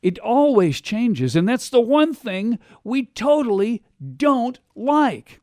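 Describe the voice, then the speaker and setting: A man hosting a radio talk show, delivering an animated monologue and acting out quotes in other voices. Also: extremely high pitch, takes it slowly, no echo, clean studio sound. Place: radio studio.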